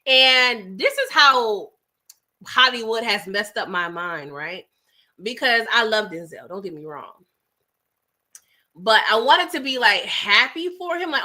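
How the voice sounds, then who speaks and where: Bright-voiced chatty woman livestreaming. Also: on the high side, unhurried. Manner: chatty, animated, uses "child" and "y'all". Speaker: livestream host. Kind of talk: casual chat with live viewers.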